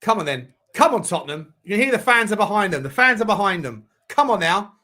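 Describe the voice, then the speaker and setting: A man hosting a live football watchalong, reacting as a partisan fan with excitable shouting, swearing and a chesty cough. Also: high voice, fast. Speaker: fan channel host.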